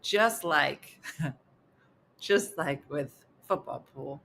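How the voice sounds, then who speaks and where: A woman's voice: low voice, extremely slow, creaky, fairly bright tone. A middle-aged woman hosting a morning show, telling a funny story in a casual way and laughing often as she goes.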